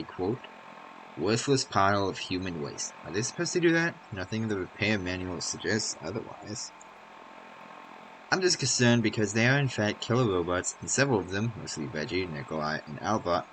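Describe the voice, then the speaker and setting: A man's voice: low voice, background noise. A man hosting a let's play, reading in-game notes aloud in a dry way. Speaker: gaming channel host.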